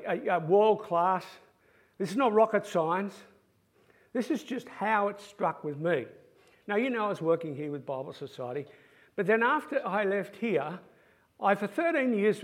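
Male preacher, high voice, swoops wildly while telling anecdotes. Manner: animated anecdotal storytelling. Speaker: former pastoral care pastor. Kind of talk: sermon-style talk.

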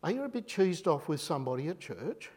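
An Australian man preaches animatedly, as if chatting, and poses many rhetorical questions. His voice is husky and on the high side, and he moves a little quickly.

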